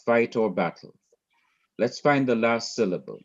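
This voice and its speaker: A man's voice: mid-range voice, animated, a little slow. A man with a Jamaican accent teaching Hebrew grammar in a recorded lecture over slides, methodically repeating terms and counting syllables aloud. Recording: dull lo-fi recording.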